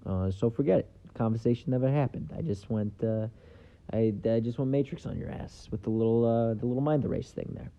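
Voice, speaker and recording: A man's voice: medium pitch, fairly quick, mellow, dull audio. A man hosting his own podcast, talking in a loose, rambling way with lots of fillers and an offhand tone. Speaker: podcast host. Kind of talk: casual solo podcast monologue.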